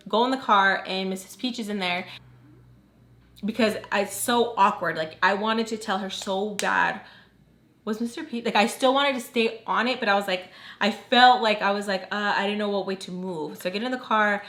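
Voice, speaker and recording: A woman's voice: mid-range voice, moderate pace, a bit bright. A young woman telling a personal story in a casual vlog, chatty and full of fillers, acting out the quoted dialogue. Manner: chatty, filler-heavy with constant "like".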